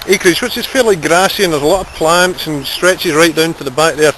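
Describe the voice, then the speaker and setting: A man's voice: on the high side, fairly quick, bright, forceful tone, rough recording. Jokey Scottish man vlogging outdoors. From Scotland. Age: 40s. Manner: jokey, chatty, teasing banter. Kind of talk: casual travel vlog narration. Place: outdoors in a city and a large grassy garden. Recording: outdoor camcorder audio with clear background noise.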